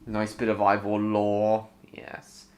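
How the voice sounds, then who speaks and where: A man's voice: fairly low pitch, monotone, slow pace, a little mellow. A man hosting a casual live stream, rambling with jokey, self-mocking asides.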